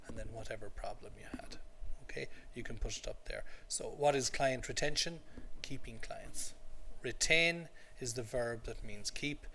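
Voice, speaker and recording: A man's voice: mid-range voice, pushed and bright, slight background noise. A man teaching an English class to adult learners, patient and repetitive, checking in often with the students. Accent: native English. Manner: patient, repeats phrases, checks understanding with "okay?".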